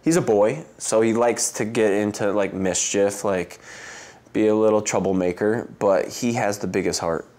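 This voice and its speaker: Interview guest, male, 30s, lower pitch, rambling casual storyteller who laughs easily. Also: moderate pace, darkish tone. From United States. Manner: rambling, heavy use of "like" and "um", laughs often, mimics voices in quotes. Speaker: interview guest, Olympic swimmer.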